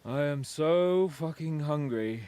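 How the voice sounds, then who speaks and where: A man's voice: a little high, slow, mellow. An actor playing a starving, crude male soldier in a video game, grumbling and swearing. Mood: hungry grumbling. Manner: coarse, grumbling, swears freely.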